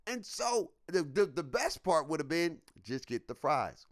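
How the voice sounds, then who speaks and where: Animated slangy man telling a story. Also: fairly high pitch, measured pace. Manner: animated, slangy, acts out quotes. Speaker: podcast co-host. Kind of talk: casual storytelling chat.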